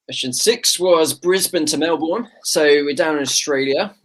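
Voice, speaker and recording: A man co-hosts a quiz, with a voice a touch higher than usual for a man. He talks through the answers in a casual way and pokes fun at himself. The delivery stays loose and chatty. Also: normal speed. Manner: chatty, joking, self-deprecating. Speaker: quiz co-host.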